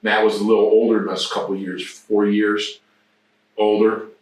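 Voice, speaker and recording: A man's voice: on the low side, little pitch movement, normal speed, a little mellow. A man in his sixties telling rambling, profane anecdotes as an interview guest. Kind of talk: casual storytelling. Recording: very echoey room, distant mic.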